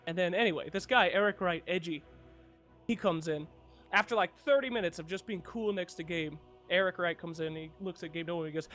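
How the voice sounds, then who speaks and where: A young man casually telling a funny anecdote, animated and excitable, swearing freely. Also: high voice, a little fast, soft background music. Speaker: video creator.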